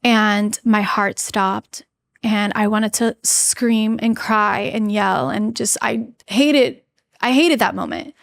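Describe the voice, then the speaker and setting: A woman in her thirties, a podcast guest telling a personal story in an earnest, halting way, with many fillers and restarts. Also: mid-range voice, gravelly, a bit bright, no room sound. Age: 30s. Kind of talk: candid interview storytelling.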